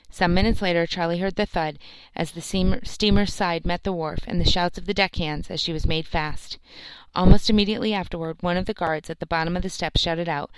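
A woman narrating a novel aloud, reading every part herself in a steady storytelling manner, close to the mic. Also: on the low side, brisk, clear, resonant tone, dry recording, low-quality recording. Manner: steady storytelling, lightly acts the characters' lines. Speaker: audiobook narrator.

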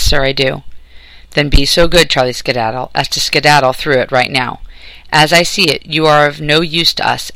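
A man voicing a sad-faced, balding Confederate officer and former schoolmaster, speaking in a measured, gently authoritative way. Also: on the high side, creaky, dry recording, poor audio.

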